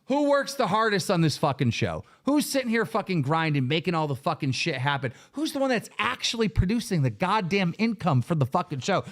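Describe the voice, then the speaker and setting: A man hosting a show, ranting angrily with heavy swearing and sudden shouted bursts. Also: high voice, sing-song, a little fast, hardly any pauses. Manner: profane, heated, bursts into shouting. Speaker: show host. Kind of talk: angry livestream rant.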